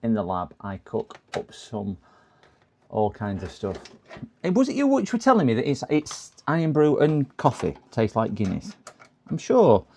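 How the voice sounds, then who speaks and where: A man's voice: mid-range voice, big pitch swings, a little slow, vocal fry, warm tone, a little hiss or hum. A man casually talking through a computer repair on a live stream, muttering to himself and chatting with viewers. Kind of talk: casual running commentary while working.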